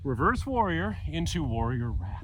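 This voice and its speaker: A man with a fairly high, sing-song voice instructs a yoga workout at a moderate pace, outside with mountains in view. Between pose cues he cracks jokes and breathes heavily from the exercise, and a little hiss or hum is audible.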